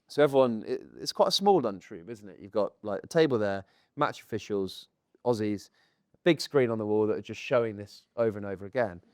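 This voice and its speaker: A man in his thirties, a podcast co-host, telling a lively anecdote to a live audience, acting out quotes and often laughing. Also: lowish voice, fairly quick, no room sound, clean studio sound. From England. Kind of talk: animated storytelling to a live audience. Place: stage in front of a live audience.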